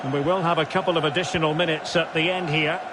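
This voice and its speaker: A man giving scripted football commentary in a video game, brisk short calls that rise at big chances. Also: on the high side, steady tone, lightly acted. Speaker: play-by-play commentator. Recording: loud game crowd noise behind.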